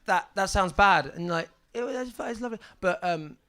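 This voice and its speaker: A young man doing a stand-up set on a club stage, with a halting deadpan delivery full of ums and restarts. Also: high-pitched, smooth. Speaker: stand-up comedian. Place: comedy club stage with audience. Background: audience laughter.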